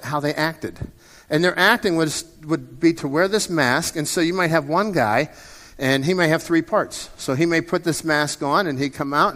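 Male pastor in his fifties, sermon, fairly high voice, chatty delivery with restarts, long church-hall reverb. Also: a bit bright. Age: 50s. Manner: conversational, often repeats and restarts words.

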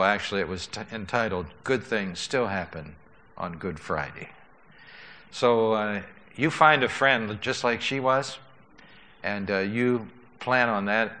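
A man preaching a sermon as pastor, in an unhurried, earnest way with frequent filler sounds and restarts. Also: fairly low pitch, sharp tone.

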